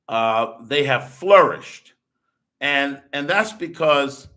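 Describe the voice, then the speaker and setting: Pushed and bright, a man's mid-range voice carries his podcast as he argues with viewer comments. The US host lectures in a rhetorical style, restarts, repeats points and keeps saying "okay?".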